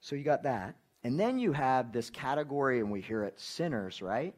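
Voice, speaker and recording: A man preaching a sermon as pastor, talking to the congregation in an animated, conversational way, checking in with tag questions and sometimes dropping to a hush for emphasis. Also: medium pitch, normal speed.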